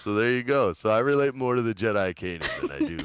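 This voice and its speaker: A man in his late thirties from New Mexico telling an animated story in a casual interview. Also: fairly low pitch, fast, smooth, no echo, dull audio. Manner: animated, chatty, uses lots of fillers. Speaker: guest, actor.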